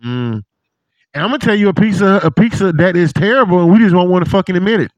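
A man hosting a casual chat, telling profane, animated stories and acting out what people said. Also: high voice, fast talker, no echo, lo-fi sound. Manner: animated, profane storytelling with put-on quotes. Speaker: podcast host.

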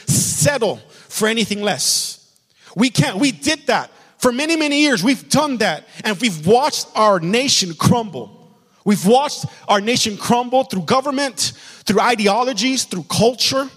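A man pastor delivers an impassioned sermon in a high, lifted voice. He drives his points home by saying them again and again. His voice carries a long reverb from the church hall. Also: expressive, measured pace, a bit bright, husky. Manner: impassioned preaching, repeats lines for emphasis. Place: church sanctuary.

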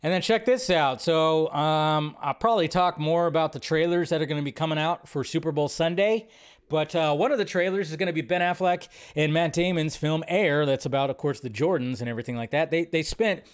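A man's voice: fairly high pitch, brisk, clear, resonant tone. Chatty man hosting a movie news show. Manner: chatty, rambling, thinking aloud with fillers. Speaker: host. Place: home setup at a computer.

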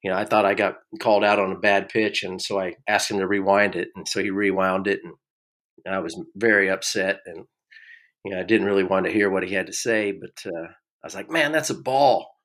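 A man's voice: low-pitched, little pitch movement, brisk, a bit bright. A middle-aged man and former ballplayer hosting a podcast, telling rambling stories with repeated words and chuckles. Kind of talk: casual storytelling chat.

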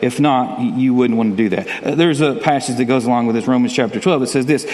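A man's voice: medium pitch, fast talker, few pauses, darkish tone. A man preaching a sermon as pastor, talking in a conversational way, often repeating words and chuckling. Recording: long reverb of a large hall.

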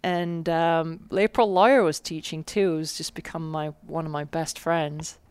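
Here the English former World Cup mountain bike racer, a woman guesting on a casual interview, keeps rambling and correcting herself, filling gaps with fillers as she tells her story. She sits low with a steady tone at a measured pace, a little mellow and clean. The recording is dry.

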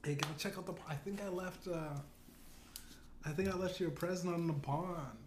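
A man's voice: on the high side, moderate pace, voice pushed up, close to an everyday voice. A man putting on a scheming powerful man. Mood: sly. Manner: casual, profane, scheming. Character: menacing powerful middle-aged man, scheming. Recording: echoey room, faint noise.

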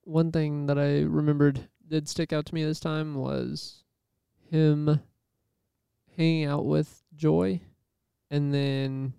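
A man talking through a film with friends in a relaxed, chatty way. His voice is smooth and resonant but runs fairly flat in pitch, with a gravelly fry underneath. The sound is close and dry. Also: takes it slowly, no room sound. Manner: chatty, laughs often, fills with "like". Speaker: podcast co-host. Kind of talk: casual movie discussion.

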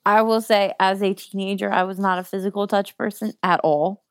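A woman co-hosting a casual podcast chat, teasing her friend and reacting with quick remarks. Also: medium pitch, steady tone, clear, resonant tone, no room sound, studio quality. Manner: reactive, teasing, laughs along. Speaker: podcast co-host.

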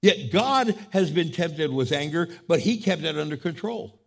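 A man's voice: on the high side, lively intonation, moderate pace, vocal fry. A man preaching a sermon, emphatic and dramatic, acting out voices of troubled people as he goes. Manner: emphatic, swings from loud to hushed; acts out voices of people and God. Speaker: pastor. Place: church.

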